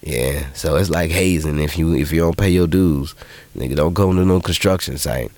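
Male podcast host, low voice, dry close sound, profane animated storyteller with sudden high-pitched quotes. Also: moderate pace, dry recording. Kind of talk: casual monologue.

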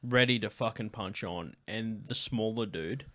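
A man's voice: lowish voice, unhurried, pushed and bright. A man in casual chat, laid-back and slangy with plenty of swearing.

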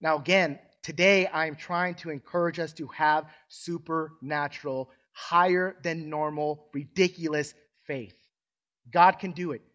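A man's voice: on the high side, steady tone, measured pace, fairly bright tone. A man preaching a sermon as pastor in a church, asking the congregation questions and calling for amens. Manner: preaches with rhetorical questions and call-and-response. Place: church sanctuary.

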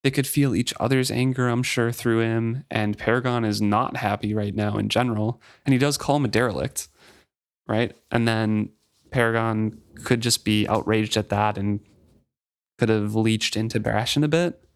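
Man, podcast co-host, reads book passages aloud, lively voice, laughs easily. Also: lowish voice, normal speed, no room sound, studio quality.

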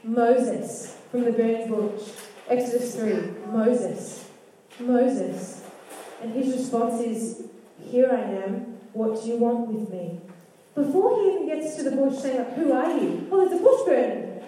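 Aussie woman preaching, high mellow voice, big echoey church, mic kinda far. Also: a little slow, slight background noise. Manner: interactive, asks the congregation questions; acts out quoted lines of scripture. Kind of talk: sermon. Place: church hall.

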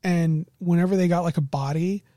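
A woman game master casually recounting a tabletop game session, animated and laughing often. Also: lowish voice, brisk, dry recording, studio quality.

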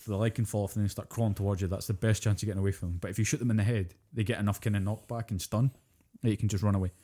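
A man, co-hosting a podcast and retelling a video game's story in casual, animated chat, swearing freely as he goes. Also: lowish voice, rapid-fire. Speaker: podcast co-host.

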